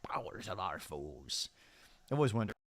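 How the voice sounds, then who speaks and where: A man's voice: low voice, big pitch swings, a little slow. A man giving casual gameplay commentary as a streamer, chatty and thinking aloud while he sets up his army. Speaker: game streamer.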